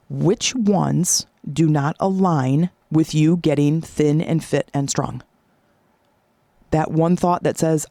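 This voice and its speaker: A woman's voice: low-pitched, creaky, dark tone, no room sound. Emphatic woman coaching on a podcast. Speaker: podcast host. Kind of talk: motivational podcast talk.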